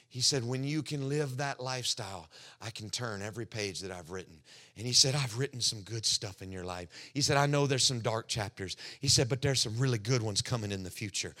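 Impassioned young male preacher, bright voice. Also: on the high side. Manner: impassioned storytelling, swinging from loud cries to hushed tones. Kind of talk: sermon. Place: church.

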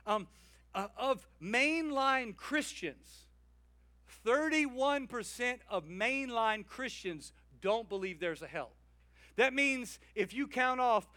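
Male pastor, sermon, humorous, energetic, high voice, dry close sound. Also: takes it slowly, dry recording. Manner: humorous, energetic, calls out to the congregation.

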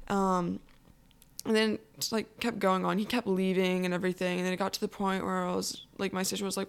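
A teenage girl telling her own personal story in a halting way, full of fillers. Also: mid-range voice, flat delivery, gravelly, clear, resonant tone. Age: teens. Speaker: anonymous guest.

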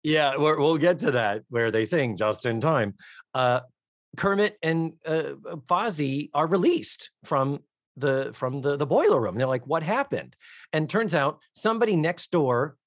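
A man co-hosting a podcast in casual chat, enthusiastic and animated, swearing freely. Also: fairly high pitch, unhurried, no echo, studio quality. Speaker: podcast co-host.

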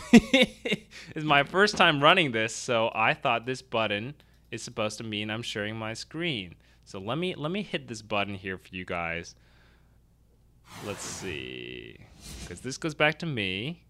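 A man's voice: lowish voice, big pitch swings, a little slow, sharp tone, a little hiss or hum. A man hosting a weekly real estate news stream in a casual, chatty way, talking through articles with fillers and self-deprecating asides.

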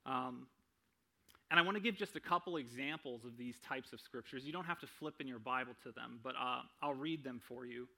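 A man's voice: mid-range voice, a little fast, gravelly, pushed and bright. A young man giving a sermon in a conversational way, often checking in with "right?" and adding self-deprecating humor. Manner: conversational, frequent "right?" tag questions. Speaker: preacher.

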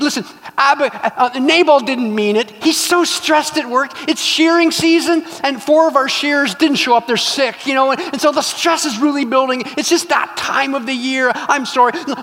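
Casting: a preacher doing an anxious ancient wife, high and stammering, in a reverberant hall. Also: female voice. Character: flustered biblical wife, pleading, making excuses.

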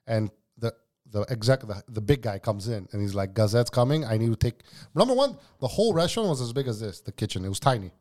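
A man's voice: lowish voice, quick pace. A man and former cook telling stories in a casual podcast chat, profane and slangy, often calling the other person "bro". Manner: animated anecdote-teller.

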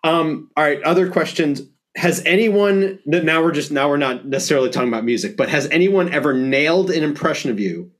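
A man's voice: a little high, expressive, a little fast, hardly any pauses, fairly bright tone. A man hosting a casual podcast, asking questions and agreeing often. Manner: agreeable, many short affirmations. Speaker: podcast host.

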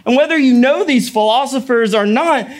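A man in his thirties preaches with an easygoing, anecdotal manner, dropping wry asides between points. His voice sits noticeably high for a man. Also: moderate pace. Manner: conversational storytelling with playful asides. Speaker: pastor. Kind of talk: sermon.

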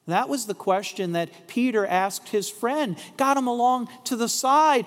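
A male pastor delivers a sermon in an unhurried, deliberate way and keeps posing rhetorical questions. His voice sits high for a man. A long reverb trails his words through the church sanctuary. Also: expressive.

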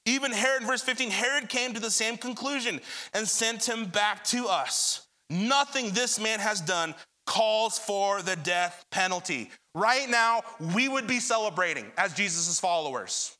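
A man's voice: high voice, unhurried, pushed and bright. A young adult man preaching a sermon, addressing the congregation directly and retelling scripture with dramatic energy. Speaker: pastor.

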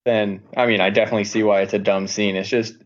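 A man's voice: fairly low pitch, level tone, fast talker. Man, podcast co-host, easygoing, agreeable, slightly dull lo-fi sound. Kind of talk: casual movie review chat.

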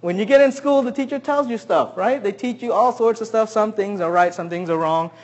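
A man preaching a sermon, who keeps asking the congregation questions and swings between loud emphasis and quiet asides. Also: sits high, a little fast. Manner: asks the audience many questions. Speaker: pastor.

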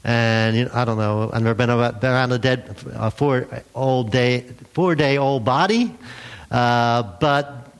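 A man preaching a sermon as a pastor, in a relaxed, conversational way. He acts out the quotes he tells and chuckles now and then. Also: mid-range voice, a little slow, smooth.

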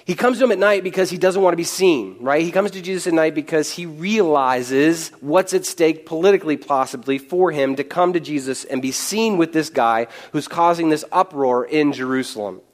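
A man preaching in a fairly high voice, teaching through a Bible passage in a loose, conversational way. He is animated and casual, tossing in quick asides and chuckles as he explains. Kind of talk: conversational sermon.

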